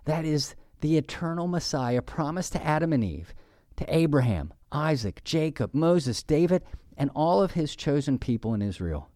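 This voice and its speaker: A man preaching a sermon, measured and emphatic, slowing down to stress key phrases. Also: a little high, sing-song, a little mellow, dry recording, studio quality. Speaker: pastor.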